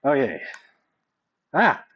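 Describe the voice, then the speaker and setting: A man's voice: mid-range voice, huge pitch swings, drawn-out words, fairly bright tone, breathy edge, highs cut off. A man giving a casual college sociology lecture, often checking in with the class by asking "right?".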